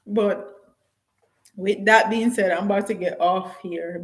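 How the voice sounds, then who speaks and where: A woman talks straight to her live-stream viewers, blunt and animated. She slips into patois phrasing, laughs often, and reads out comments as they come in. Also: medium pitch, slow pace, pauses often, rough recording. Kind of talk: casual live-stream chat.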